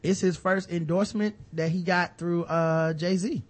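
A man in his thirties talks casually as a co-host, his voice sitting notably high. He is animated and slangy, and he keeps slipping into little acted quotes of other people. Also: a little slow. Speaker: podcast co-host. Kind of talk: casual chat.

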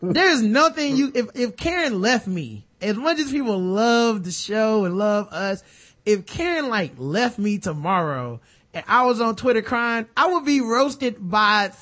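A man in his thirties co-hosting a casual chat show, animated and slangy, acting out what people would say. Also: sits high, a little slow. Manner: animated, slangy, acts out quotes. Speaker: podcast co-host.

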